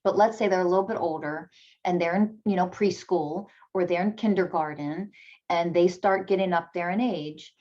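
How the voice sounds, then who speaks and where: A parenting coach speaks in an instructional video with a warm, lowish voice at a moderate pace. She stresses and repeats her main points emphatically, turning soothing when she demonstrates what to say to a child, all in a dull lo-fi recording.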